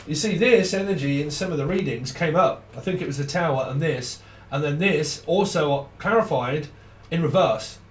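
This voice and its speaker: A man's voice: on the high side, moderate pace, distant mic, a little hiss or hum. A man giving a casual, rambling tarot reading, swearing freely and laughing often. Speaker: tarot reader. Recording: roomy sound from off the mic.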